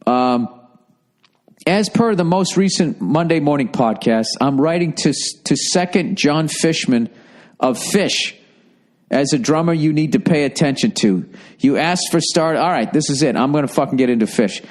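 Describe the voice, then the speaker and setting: A man's voice: on the high side, expressive, normal speed. Profane rambling man hosting a podcast. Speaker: podcast host. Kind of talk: casual solo podcast monologue.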